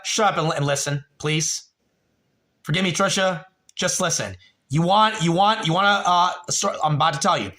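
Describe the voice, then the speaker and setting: Male streamer, forties, forceful bright voice, rambling and profane with his chat. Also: fairly high pitch. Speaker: livestream host. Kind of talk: casual storytelling to chat.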